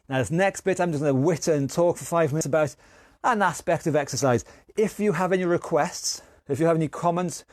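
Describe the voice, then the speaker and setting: A man's voice: on the high side, darkish tone, no room sound. Man, fitness instructor, encouraging, counts down reps, dry close sound. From England. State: a bit out of breath. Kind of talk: live online exercise class.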